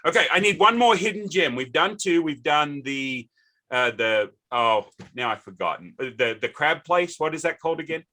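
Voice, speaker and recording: Chatty Australian host, bright tone. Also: male voice, on the high side, lively intonation, normal speed. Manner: chatty, rambling anecdotes. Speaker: podcast host. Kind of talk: casual interview chat.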